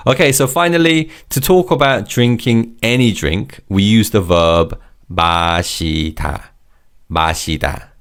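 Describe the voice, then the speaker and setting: A man teaching vocabulary in a scripted lesson, modelling words slowly and clearly for learners to repeat. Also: fairly low pitch. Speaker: language teacher.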